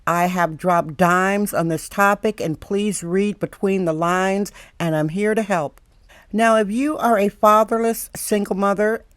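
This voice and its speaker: An older woman speaks straight to the camera, handing out advice in an emphatic, preachy way and hammering her warnings home by repeating them. Her voice sits a little low. The sound is dry and close, with no room echo. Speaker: advice mentor. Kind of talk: direct-to-camera advice monologue. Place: San Francisco, indoors.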